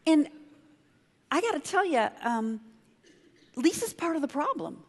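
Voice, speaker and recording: A woman giving a conference talk as a leadership consultant, telling a story in an emphatic, conversational way with quick asides to the audience. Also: sits high, very animated. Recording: long reverb of a large hall.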